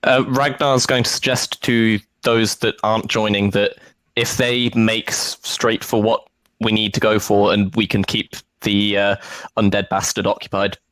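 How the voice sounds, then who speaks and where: A man's voice: lowish voice, flat delivery, measured pace, fairly bright tone, dry recording, poor audio. A man playing a tabletop game, talking hesitantly and pleading politely in character. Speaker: player.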